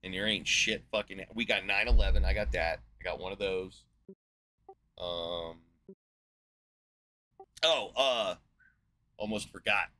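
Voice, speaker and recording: A man's voice: deep voice, bright, forceful tone, rough recording. Profane sarcastic man in his forties. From United States. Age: 40s. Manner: rambling with pauses and fillers. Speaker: video host. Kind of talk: ranting monologue.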